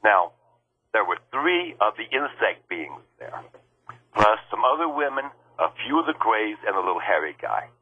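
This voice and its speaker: Guest on a phone line: low, husky man telling his story earnestly. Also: big pitch swings, normal speed, a little hiss or hum. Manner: earnest, acts out quoted lines in a raised voice. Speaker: guest recounting an experience.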